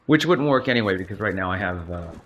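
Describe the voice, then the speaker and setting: A man's voice: lively intonation, fast talker, fairly bright tone. A man hosting a casual livestream, chatty and greeting viewers over and over while he plays a board game. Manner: chatty, greets viewers repeatedly, sings high hellos. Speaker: livestream host. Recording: dull lo-fi sound with faint noise.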